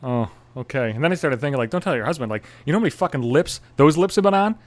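A man's voice: a little high, lively intonation, fast talker. A young man, a podcast host, telling a crude story in a sarcastic, swear-filled monologue.

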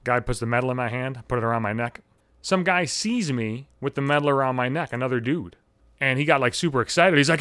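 A man's voice: medium pitch, fast talker, a bit bright, no echo. A man in his thirties hosting a solo podcast, telling a story in a brash, profane, sardonic rant. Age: 30s. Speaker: podcast host.

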